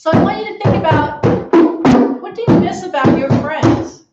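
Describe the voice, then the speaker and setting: A woman's voice: very high-pitched, lively intonation, moderate pace. A woman teaching an online drumming lesson to kids, encouraging them and chanting short phrases in rhythm. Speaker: music teacher leading a drum lesson. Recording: echoey room, muffled sound, loud drum music.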